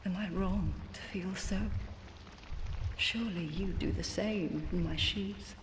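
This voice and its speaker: A woman's voice: fairly low pitch, slight background noise. A grave, cursed woman. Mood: solemn. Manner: slow, grave and earnest. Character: solemn cursed woman clinging to her self. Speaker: game character. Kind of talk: game dialogue. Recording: roomy echo with long reverb.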